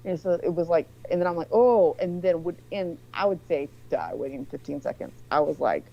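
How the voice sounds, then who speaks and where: A woman's voice: low voice, brisk, vocal fry, lo-fi sound. A woman in her forties telling a long rambling story in casual chat, swearing often. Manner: rambling, profane, animated storyteller.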